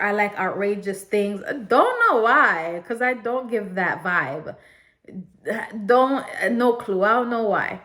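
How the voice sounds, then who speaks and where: A woman's voice: medium pitch, fairly bright tone. A young woman vlogger telling a story in a chatty, casual way, talking straight to her viewers and laughing often.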